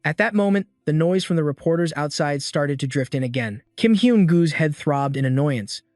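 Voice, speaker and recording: A man narrating a comic story recap in a steady scripted style, reading the characters' quotes plainly. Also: a little high, normal speed, no room sound, studio quality, soft background music. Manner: even storytelling, reads quotes without acting them.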